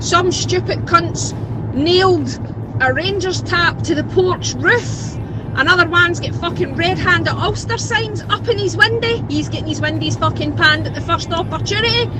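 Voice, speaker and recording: A woman's voice: extremely high pitch, background noise. A Scottish woman in a furious, sweary rant, talking from a car. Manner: furious, sweary, shouting bursts. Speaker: resident ranting on video. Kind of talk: angry rant.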